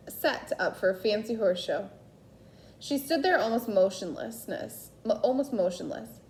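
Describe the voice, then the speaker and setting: Female reader, storybook narration, steady and unhurried, roomy echoey recording. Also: a little high. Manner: unhurried reading with slips and self-corrections. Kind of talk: reading a children's novel aloud. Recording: echoey room.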